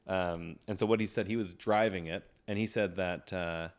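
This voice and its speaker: A man's voice: sits low, fairly even intonation, moderate pace. A young man co-hosting a podcast in casual chat, rambling with lots of restarts and laughs. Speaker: podcast co-host.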